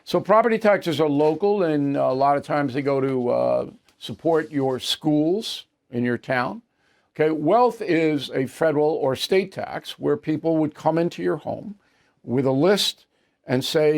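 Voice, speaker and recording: A man's voice: a little high, lively intonation, a little slow, gravelly, a little mellow. A man in his seventies with an American accent, hosting a news commentary show and answering viewer mail in a blunt, emphatic, dismissive way. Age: 70s.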